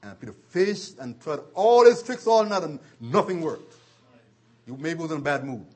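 A man preaching a sermon, retelling scripture stories with chuckles and dramatic slowdowns. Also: on the high side, animated, a little mellow.

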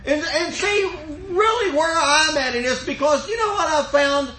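Fervent folksy preacher, high voice. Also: male voice, animated, moderate pace, sharp tone, reverberant, poor audio. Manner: folksy storytelling, rising to fervent emphasis. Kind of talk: sermon.

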